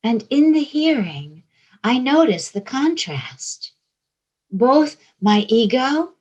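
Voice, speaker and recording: A middle-aged woman with a Georgia accent, giving a reflective spiritual talk in short phrases with long pauses, often dropping to a hushed whisper. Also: fairly high pitch, sing-song, breathy edge, poor audio. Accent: Georgia (US South). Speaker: spiritual teacher.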